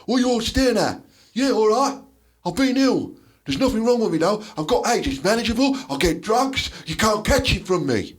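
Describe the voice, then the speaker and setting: A man's voice: high voice, big pitch swings, normal speed, pitched above the performer's own voice. A man doing a comic impression of a defiant man confronting a staring pub crowd. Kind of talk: comedic impression.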